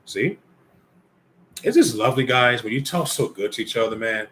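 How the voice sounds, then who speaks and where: A man's voice: mid-range voice, moderate pace, fairly bright tone, a little hiss or hum. A man giving informal Bible teaching, reading scripture aloud and commenting conversationally while speaking directly to the brothers and ladies listening.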